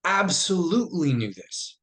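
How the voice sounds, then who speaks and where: A middle-aged man, an army veteran guest, telling stories and acting out the dialogue in lively bursts. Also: high-pitched, a little slow. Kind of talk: conversational storytelling.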